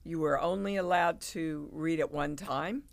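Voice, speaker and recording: An older woman, a guest actress, telling animated stories in a casual interview and acting out the people she quotes. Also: low voice, unhurried, vocal fry. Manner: animated storyteller, acts out quoted voices.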